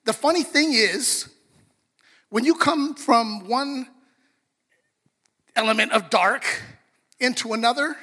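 A middle-aged pastor with a high, bright voice tells a story from the pulpit, animated and chatty with the congregation. The sound rings with a long hall reverb, like a church sanctuary. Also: male voice, slow pace, long pauses. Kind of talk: sermon.

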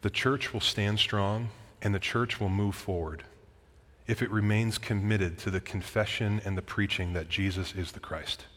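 A man's voice: lowish voice, steady tone, moderate pace, fairly bright tone. Earnest preaching man in a reverberant church. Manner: earnest, emphatic preaching with casual asides. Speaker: pastor. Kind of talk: sermon. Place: church sanctuary.

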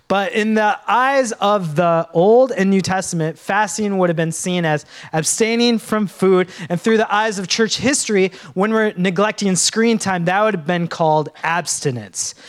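A man preaching a sermon as a pastor in church, joking often and calling on the congregation to respond. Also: high voice.

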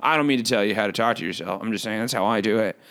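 A man's voice: fairly low pitch, rapid-fire, fairly bright tone, clear, resonant tone, natural voice. A man voicing a bored, hyper male bird who hosts a podcast, rambling in goofy self-talking asides. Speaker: podcast host. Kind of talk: comedic character podcast. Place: home recording booth.

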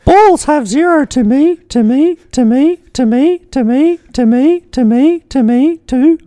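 A man voicing a female chatbot named Alice, chanting a repetitive machine phrase in a very high put-on voice. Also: a little slow, dark tone, no room sound.

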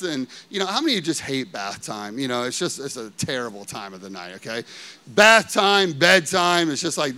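A male pastor in his thirties preaches with an animated, conversational delivery. He keeps checking in with the congregation. His voice sits high and sounds bright and clear. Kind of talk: sermon.

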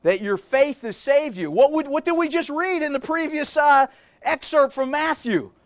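A man's voice: very high-pitched, lively intonation, normal speed, no echo. A man preaching a sermon, reading scripture and repeating key phrases with emphasis as he addresses the congregation as folks.

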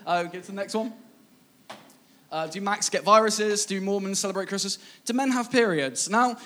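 A man with a fairly high voice preaches in a relaxed, joking way. He chuckles often and lifts his voice when something amuses him before settling back into his message. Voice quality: playful, laughing, rising excitement when amused. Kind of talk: casual humorous sermon.

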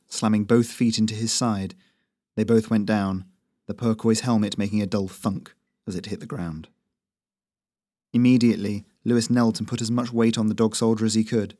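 A man with a low voice reads his own fantasy fiction aloud. His delivery is steady and measured, and the recording is dry and close. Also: no echo. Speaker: author and narrator.

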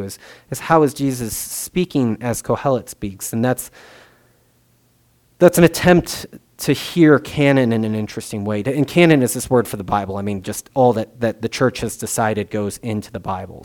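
A young man giving a conversational sermon as a pastor, musing aloud with many fillers and restarts. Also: mid-range voice.

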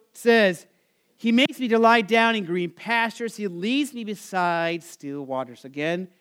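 A man preaching a sermon, earnest and explanatory, with many fillers and restarts, slowing down and going soft on scripture phrases. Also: fairly high pitch, clean tone. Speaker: pastor.

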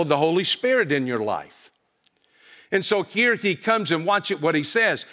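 A man's voice: fairly high pitch, big pitch swings, moderate pace, bright, forceful tone. A man preaching a sermon to a congregation, emphatic and full of rhetorical questions. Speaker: pastor. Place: church.

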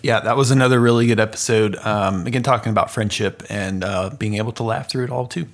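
A man's voice: on the low side, fast talker. Teasing man co-hosting a podcast. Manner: dry, teasing banter. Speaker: podcast co-host. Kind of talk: casual podcast chat.

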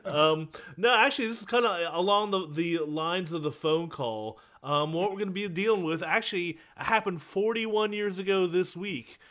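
A man co-hosting a casual podcast, laughing often and rambling through animated banter. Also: sits high, normal speed, hardly any pauses. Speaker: podcast co-host.

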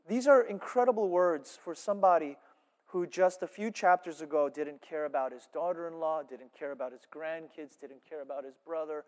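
A male pastor preaching a sermon, animated, swinging between loud emphasis and hushed asides. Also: on the high side, moderate pace. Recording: reverberant church hall.

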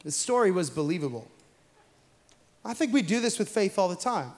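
A young adult man, a pastor preaching a sermon in a chatty storytelling way that builds to shouted emphasis. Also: sits high, sing-song, moderate pace.

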